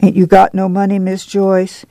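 A woman's voice: mid-range voice, completely flat delivery, moderate pace, gravelly, no echo, pitched above the performer's own voice, natural voice. A reader doing a stern woman camp leader. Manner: stern, forceful, folksy rural dialect.

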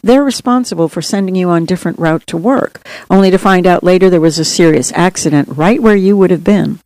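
A woman's voice: lowish voice, a little fast, darkish tone, no echo. Earnest woman narrating her memoir, dry sound. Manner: earnest, straightforward storytelling.

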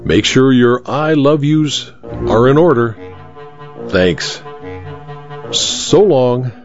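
A man hosting a radio mystery hour, reading the story aloud in an expressive, measured way. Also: mid-range voice, highs cut off, faint music behind. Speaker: host and story reader.

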